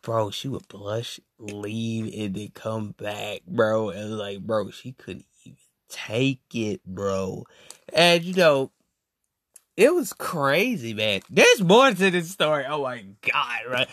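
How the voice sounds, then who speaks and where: A young man telling a story in a casual podcast monologue, animated and slangy, saying "bro" constantly. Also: medium pitch, slow, no room sound. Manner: animated and slangy, every phrase ending on "bro".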